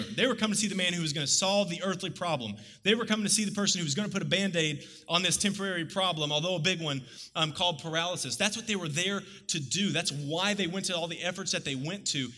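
Male pastor, conversational sermon, bright and forceful voice, slightly high pitch, reverberant hall. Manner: conversational, animated, acts out voices of people in the story.

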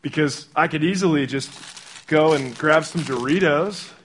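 A young man delivering a sermon as pastor in a conversational, animated way, acting out little quotes as he goes. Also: fairly high pitch, normal speed, a little hiss or hum.

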